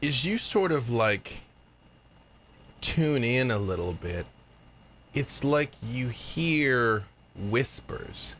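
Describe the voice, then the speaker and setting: A man narrating a tabletop horror game as game master, measured and descriptive. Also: medium pitch, fairly bright tone, a little hiss or hum.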